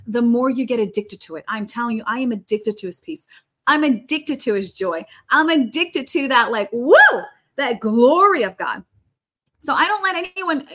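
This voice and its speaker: A slightly high, somewhat bright female voice belongs to a podcast guest who talks with fervent, preacher-like intensity. She drives her points home by repeating them, in a conversational preaching style.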